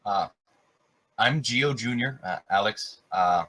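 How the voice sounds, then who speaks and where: Male player, very deep, slow and halting, bright edge. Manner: halting, many pauses.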